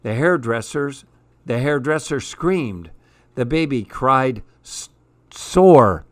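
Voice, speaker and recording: A man reads a rhyming children's story aloud, slow and measured, keeping the rhythm of the verse. His voice sits in a middle pitch, dry and close with no room sound. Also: a bit bright, dry recording. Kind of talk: reading a rhyming picture book aloud.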